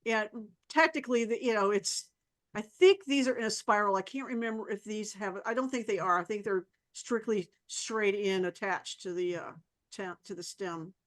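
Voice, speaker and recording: A woman's voice: mid-range voice, moderate pace. A woman presenting photo entries and scores at a camera club meeting, chatty and laughing easily.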